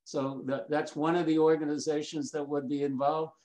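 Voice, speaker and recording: Mellow man, earnest guest. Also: a little high, level tone, moderate pace, low-quality recording. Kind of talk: interview answer.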